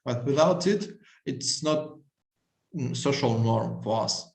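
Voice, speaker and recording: Slow Russian man in halting English. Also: mid-range voice, reverberant, poor audio. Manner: slow, halting non-native English with many pauses. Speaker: guest speaker. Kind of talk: school video-call talk.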